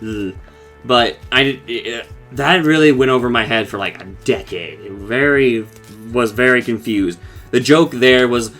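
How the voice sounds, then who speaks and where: A man's voice: mid-range voice, a little slow, a bit bright, soft background music. Casual, profane man recapping an episode. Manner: loose and profane, with frequent fillers and laughs. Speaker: podcast host recapping a cartoon episode.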